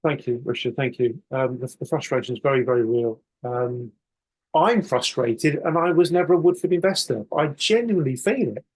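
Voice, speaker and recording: A man's voice: mid-range voice, normal speed, husky. A man chairing a campaign meeting, talking emphatically and acting out indignant outbursts. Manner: animated, emphatic, acts out indignant rants. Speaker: meeting host.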